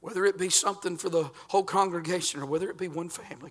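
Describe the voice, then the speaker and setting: Older pastor, folksy sermon delivery, bright and ringing tone. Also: male voice, sits high, racing. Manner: folksy preaching, swinging from loud to quiet.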